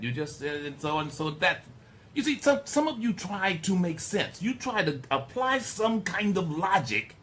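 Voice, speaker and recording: A man's voice: a little high, a little hiss or hum. A middle-aged man hosting a talk radio show, rambling and digressing as he speaks to his listeners. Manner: rambling, digressive, animated storyteller.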